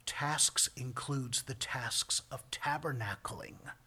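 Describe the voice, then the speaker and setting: A man teaching a Bible passage with commentary, earnest and emphatic, often sinking to a hushed, breathy near-whisper. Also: medium pitch, slow pace.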